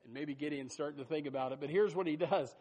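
A man preaching a sermon as pastor, emphatic and folksy, swinging between loud bursts and soft asides and repeating his phrases. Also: fairly high pitch, quick pace. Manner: folksy, addresses listeners as folks and says amen.

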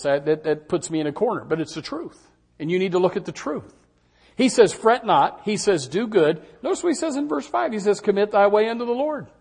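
A man's voice: sits high, gravelly, husky. An older man preaching a sermon, often acting out doubters' replies in a raised voice. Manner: animated, acts out congregants' doubts in raised voices.

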